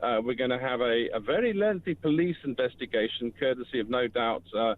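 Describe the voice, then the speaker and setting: A man's voice: mid-range voice, expressive, a little fast. A man calling in to a radio phone-in, talking in rambling runs with false starts. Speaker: radio caller. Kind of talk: phone-in call. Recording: tinny phone line.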